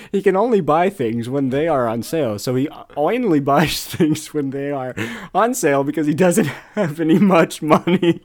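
A man reading a silly story aloud over a video call, comedic and mock-dramatic. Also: fairly high pitch. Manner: animated, giggling, mock-dramatic.

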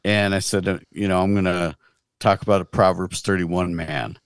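A man in his fifties co-hosting a podcast, talking in a slow, measured way with many ums as he shares from scripture. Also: deep voice, fairly even intonation, smooth, dry recording, clean studio sound. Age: 50s. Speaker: podcast co-host. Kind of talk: casual chat, teaching from scripture.

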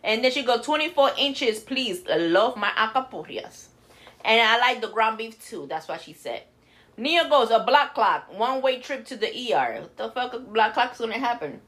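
A woman chats on a podcast, her higher voice rising and falling in lively swings. She jokes crudely and drops Spanish words into her English. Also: normal speed. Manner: mixes Spanish words into English, laughs often, crude joking. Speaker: podcast co-host. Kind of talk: casual chat.

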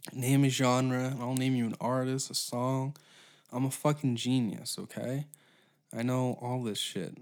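A man's voice: medium pitch, a little mellow. Twenties male podcast host with a profane, sarcastic rant. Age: 20s. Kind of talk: solo comedy podcast rant.

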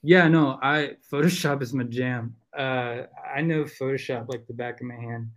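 A man's voice: mid-range voice, normal speed, a bit bright. A man with a Southern American accent, a podcast guest talking casually and rambling with lots of fillers. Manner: rambling, full of fillers and restarts.

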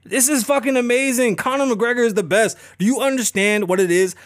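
A man's voice: extremely high pitch, fairly quick, slight background noise. A man hosting a podcast, ranting casually and profanely with lots of swearing. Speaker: podcast host. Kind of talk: casual chat.

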